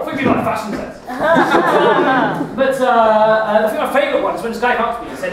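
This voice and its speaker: A man doing a stand-up set, telling a rambling story in a deadpan way with stammered restarts. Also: extremely high pitch, a little fast, few pauses, a crowd in the background. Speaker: stand-up comedian. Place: comedy club stage. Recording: echoey club from far off.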